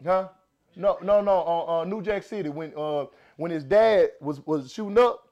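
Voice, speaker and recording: A man with a Southern accent hosting a casual podcast, animated and laughing, restarting his sentences often. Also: high voice, normal speed. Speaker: podcast host.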